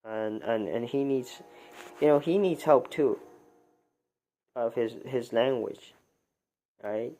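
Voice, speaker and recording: A man giving unscripted livestream commentary, halting and stumbling over his words, with frustrated rhetorical questions. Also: medium pitch, mellow. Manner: halting, many restarts and repeated words.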